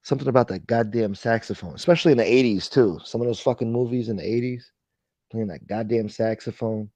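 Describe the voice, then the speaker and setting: A man hosts a casual late-night livestream, rambling and swearing as he reads viewer comments and answers them. His mid-range voice is brisk and mellow, with no room sound.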